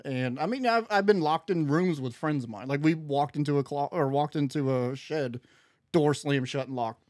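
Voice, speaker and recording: Animated man telling a story. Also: a little high, normal speed, no room sound, studio quality. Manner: animated storyteller, acts out quoted dialogue. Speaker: podcast guest. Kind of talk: casual storytelling chat.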